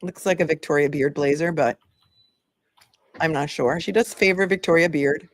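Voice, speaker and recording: A woman's voice: low-pitched, normal speed. A woman in her forties hosting a casual livestream, chatting and reading viewer comments aloud. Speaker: legal commentary livestream host.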